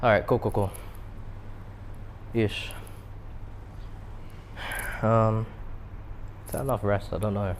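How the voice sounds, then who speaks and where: A man's voice: lowish voice, steady tone, slow pace, pauses often, a little hiss or hum. A young British man chatting casually to his viewers between sets in an indoor gym, rambling with self-deprecating asides. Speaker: fitness vlogger.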